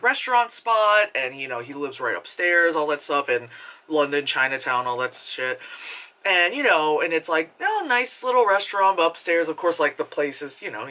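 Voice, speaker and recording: A woman's voice: low-pitched, bright, forceful tone. A young woman reviewing a movie in a loose, rambling way, full of "like", casual swearing and frequent laughter.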